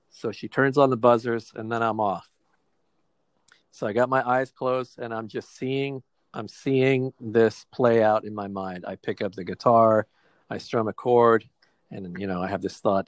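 A man's voice: fairly low pitch, steady tone, moderate pace, no room sound. A man in his forties from New Jersey, casually and reflectively retelling a personal therapy experience with quoted dialogue. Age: 40s.

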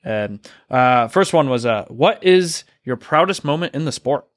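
A man hosting an interview podcast, reading listener questions in a halting, self-deprecating way with many fillers. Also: mid-range voice, animated, no room sound, clean studio sound. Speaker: podcast host.

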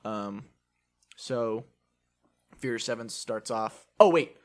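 A man's voice: medium pitch, slow pace. Playful male podcast co-host. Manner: playful, animated storytelling. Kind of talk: casual chat recapping movies.

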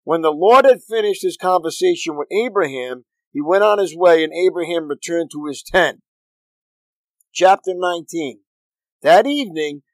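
Man reading scripture, slightly high voice. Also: dry recording, low-quality recording. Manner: steady, earnest reading aloud. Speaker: pastor.

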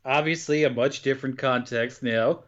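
A man casually recapping a horror film for a podcast, telling it in a lively, joking way and swearing freely. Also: moderate pace, lo-fi sound. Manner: animated storytelling with sudden pitch jumps, swears freely. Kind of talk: casual chat.

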